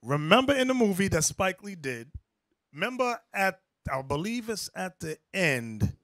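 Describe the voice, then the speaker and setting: A high-voiced man preaching with a wildly swinging pitch and a lot of energy. He keeps calling out for the next scripture and acts out how people react. His voice is close and dry, with hardly any room sound. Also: big pitch swings, normal speed, fairly bright tone, no room sound. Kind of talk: lively sermon to a class.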